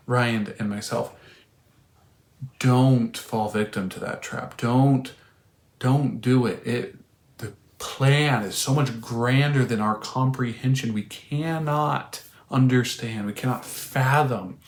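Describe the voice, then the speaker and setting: A man co-hosting a podcast, giving an earnest, loosely worded reflection on faith with frequent restarts. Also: medium pitch. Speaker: podcast co-host. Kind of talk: faith reflection, casual storytelling. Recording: roomy echo.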